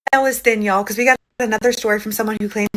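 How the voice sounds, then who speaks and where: A woman's voice: medium pitch, steady tone, a bit bright, poor audio. A woman hosting and casually retelling a reader's story. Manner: casual, chatty, quick delivery. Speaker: host.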